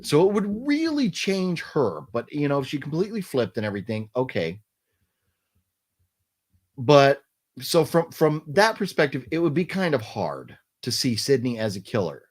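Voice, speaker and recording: A man's voice: fairly high pitch, big pitch swings, normal speed, husky. A man hosting a casual late-night live stream, thinking aloud in a rambling way with many restarts.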